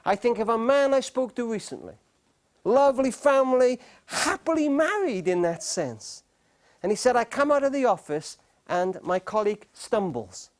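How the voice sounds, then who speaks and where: This is a man giving a talk to a live studio audience, and his voice rises and falls in a very lively way. He tells stories dramatically, slows down to repeat key phrases, and sinks almost to a whisper to make a point. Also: extremely high pitch. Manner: dramatic storyteller, drops to near-whispers for emphasis. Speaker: speaker on marriage.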